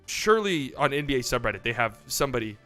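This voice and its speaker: A man hosting a casual livestream, talking excitably and swearing freely as he acts out mock phone calls. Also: mid-range voice, quick pace, soft background music. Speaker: livestream host.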